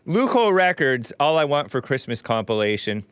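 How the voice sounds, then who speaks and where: A man's voice: medium pitch, very animated, moderate pace, clean tone, no room sound. A man hosting a live talk show, reading viewer messages aloud with wry, chuckling, offhand asides.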